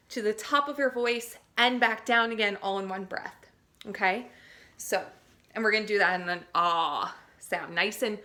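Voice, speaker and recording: A young woman, a teaching artist, leads young students through a playful physical and vocal warmup and demonstrates the sounds herself. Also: mid-range voice.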